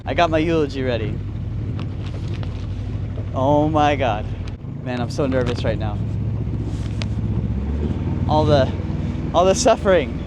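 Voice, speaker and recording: A man hosting a travel vlog outdoors on a river boat, chatting casually and mock-solemn, mixing in halting Spanish. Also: mid-range voice, lively intonation, background noise. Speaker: travel vlogger.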